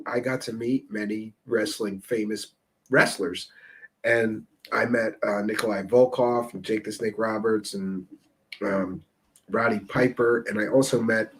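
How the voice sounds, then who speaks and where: A man hosting a live stream, chatting casually with viewers and telling rambling stories through laughter. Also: mid-range voice. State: tipsy. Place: Seattle area.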